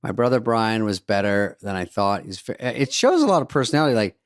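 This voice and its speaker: A man hosting a podcast, telling a funny story in a wry, rambling, self-deprecating way, with quick asides. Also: lowish voice, sing-song, clean tone, no echo, clean studio sound. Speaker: podcast host. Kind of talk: casual comedic storytelling.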